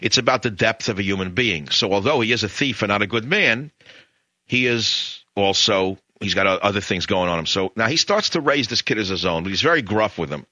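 A middle-aged American talk radio host with a low, very sharp and bright voice. He rambles through a story with emphatic, opinionated asides. The sound is dry and slightly dull. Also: lively intonation, a little fast, no room sound. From United States.

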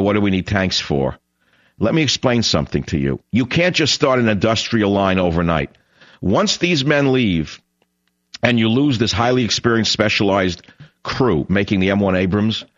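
A man hosting a political talk radio show, ranting in a combative, sarcastic monologue with sudden loud outbursts. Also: medium pitch, highs cut off.

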